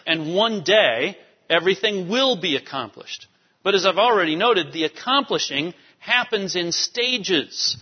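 A man preaching a sermon to a congregation, emphatic and animated, with asides to the people in the pews. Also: high voice, unhurried, slightly rough. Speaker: pastor. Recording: dull sound in a reverberant hall.

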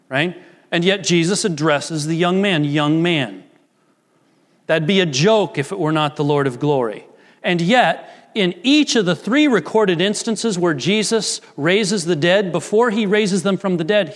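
A man preaching a sermon as pastor, animated and emphatic, slowing down to stress key phrases. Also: on the high side. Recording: long reverb of a large hall.

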